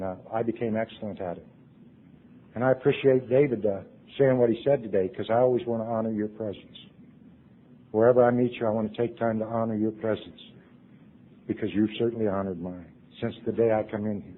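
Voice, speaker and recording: A middle-aged man giving an earnest personal testimony to a recovery convention audience, swinging from loud to hushed. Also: on the low side, slight background noise. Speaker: recovery meeting speaker. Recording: tinny lo-fi tape recording.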